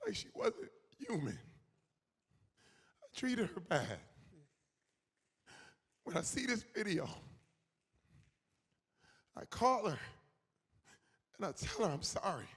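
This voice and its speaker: Man in his forties, conference guest; raised pitch, gravelly edge, lively storyteller, hall echo. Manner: animated, acts out quoted voices, emphatic. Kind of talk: on-stage conversation. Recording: reverberant hall.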